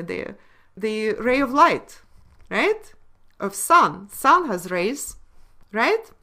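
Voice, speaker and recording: Slow, bright-voiced woman lecturing. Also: medium pitch. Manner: slow, emphatic, asks rhetorical questions. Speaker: webinar presenter. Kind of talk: lecture on word origins.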